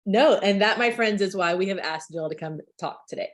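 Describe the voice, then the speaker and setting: A woman's voice: medium pitch, a little fast. A woman hosting a video call, chatty and enthusiastic, with lots of filler words. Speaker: meeting host.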